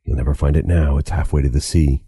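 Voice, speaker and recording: A man's voice: a bass voice, fast, warm tone, slightly rough, no echo, clean studio sound, heavily acted. A man voicing a young male thief in an audiobook, with sullen, defiant retorts.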